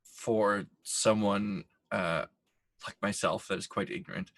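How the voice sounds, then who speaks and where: A man playing a tabletop game, describing his character in a hesitant, drawn-out way. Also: lowish voice, steady tone, a bit bright, no echo. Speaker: player.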